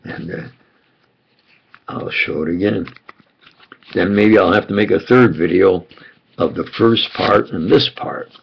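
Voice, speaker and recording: Gravelly older man rambling on. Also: low-pitched, a little slow, long pauses, dull audio. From United States. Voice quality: gravelly, husky. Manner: meandering, with frequent fillers and restarts. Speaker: self-styled preacher recounting memories. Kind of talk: rambling spontaneous monologue.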